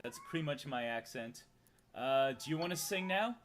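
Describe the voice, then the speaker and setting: A man's voice: medium pitch, animated, normal speed, a bit bright, slight background noise. A man from Massachusetts with a Massachusetts accent, playfully chatting on a livestream and reading donations aloud. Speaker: livestream co-host. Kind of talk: casual livestream chat.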